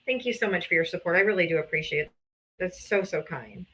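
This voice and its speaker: A woman's voice: lowish voice, quick pace, fairly bright tone. A woman hosting a livestream, reading out donations and thanking supporters, emotional and grateful, sometimes laughing or sighing. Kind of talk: casual livestream thank-yous. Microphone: streaming setup.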